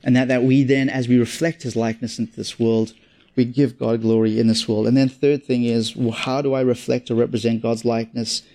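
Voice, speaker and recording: A man's voice: medium pitch, level tone, a little fast, dark tone. A man with a South African accent preaching a sermon in an earnest, conversational way, often repeating and restarting his phrases. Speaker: pastor.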